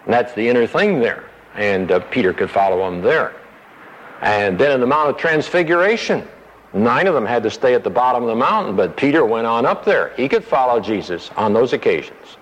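A man teaches through a Bible passage, verse by verse, and at times acts out the disciples' words in a higher, pleading voice. The sound is a dull radio broadcast with a long reverb trailing behind him. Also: lively intonation, brisk.

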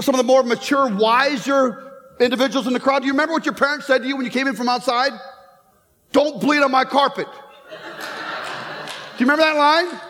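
A man's voice: extremely high pitch, fairly bright tone, big-room sound. A man in his fifties preaching a sermon in a church, telling stories and joking with the congregation. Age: 50s. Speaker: pastor. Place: church sanctuary.

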